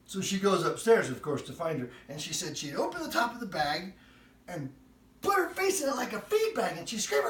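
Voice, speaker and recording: A man's voice: high-pitched, brisk. A man hosting a home cooking show, telling a funny family story while baking. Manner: animated comic storyteller. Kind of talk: cooking demo with anecdote. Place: home kitchen. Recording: echoey, distant room sound.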